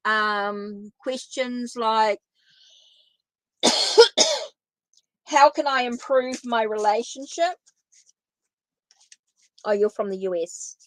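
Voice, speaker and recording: Woman, New Zealand accent, tarot reader, chatty, repeats herself, slightly high voice, dry sound. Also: very slow, pauses often, no room sound, rough recording. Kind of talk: live-stream tarot reading.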